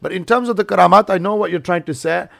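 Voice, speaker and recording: Gravelly-voiced man explaining at length. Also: sits high, quick pace, fairly bright tone. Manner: explains at length, mixes Urdu words into English. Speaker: imam and host. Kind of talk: casual religious discussion.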